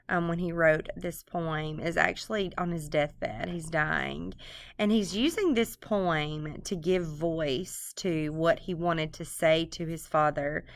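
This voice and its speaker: A woman teacher talking through a lesson casually, with many ums and quick self-corrections. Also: lowish voice, a bit bright, smooth, dry recording. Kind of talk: casual recorded literature lesson. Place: quiet room, recorded screencast. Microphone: computer microphone.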